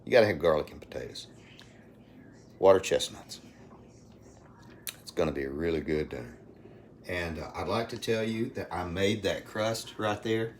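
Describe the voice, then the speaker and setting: The livestream host here is a middle-aged man with an Alabama accent, broadcasting casually from his phone at home. His low voice moves at normal speed with many pauses as he rambles folksily and greets viewers by name; there's slight background noise.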